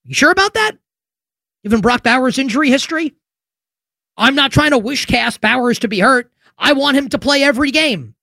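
A man's voice: very high-pitched, brisk, creaky, pushed and bright, dry recording, studio quality. A man hosting a sports radio show, ranting emphatically and sarcastically, throwing out rhetorical questions. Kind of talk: opinionated sports talk radio monologue.

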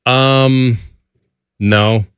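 A man's voice: medium pitch, fairly even intonation, very slow, a bit bright, smooth, dry recording. A man with a Chicago accent hosting a casual studio chat, telling stories and jumping into quoted voices. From Midwest, Chicago.

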